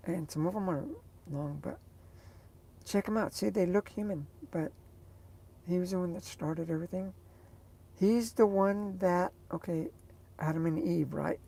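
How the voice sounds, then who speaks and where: A woman's voice: fairly low pitch, unhurried, gravelly, pauses often, warm tone. A woman vlogger chatting casually to her viewers, rambling and hesitant as she searches for words.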